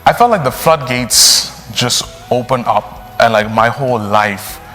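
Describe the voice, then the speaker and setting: Earnest young priest. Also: male voice, medium pitch, measured pace. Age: young adult. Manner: earnest, animated with frequent fillers. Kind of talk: personal storytelling. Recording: long reverb, faint music.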